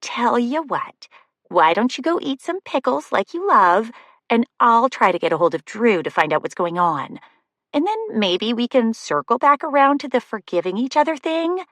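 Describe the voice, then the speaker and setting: A woman voicing a fond, gently teasing female friend in an audiobook. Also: fairly high pitch, sing-song, moderate pace, dry recording, pitched above the performer's own voice. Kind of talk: audiobook dialogue.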